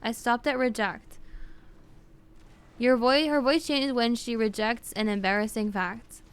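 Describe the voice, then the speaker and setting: A woman streamer chatting casually with her viewers, talking with vocal fry and lots of fillers. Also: on the high side, fairly even intonation, a little slow. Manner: chatty, answers chat with fillers and laughs.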